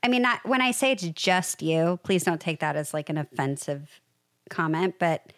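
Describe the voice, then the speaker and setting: A woman in casual chat, telling stories in an animated, rambling way. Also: sits low, normal speed, no echo, studio quality.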